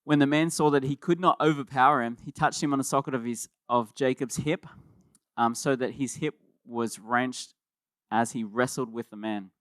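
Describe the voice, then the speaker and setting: A man preaching a sermon as pastor, in a conversational and animated way, often repeating words as he starts a thought. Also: mid-range voice, normal speed, no echo, clean studio sound.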